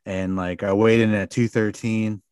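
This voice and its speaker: A man's voice: fairly low pitch, little pitch movement, moderate pace, a little mellow, clear, resonant tone, no room sound, studio quality. A man talking as a podcast guest, telling a rambling story full of fillers and the odd swear word. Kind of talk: casual storytelling.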